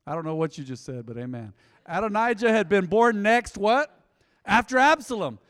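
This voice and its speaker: A middle-aged male pastor preaching a sermon in an animated, conversational way, talking straight to the congregation. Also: high voice, normal speed, smooth, big-room sound. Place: large church auditorium.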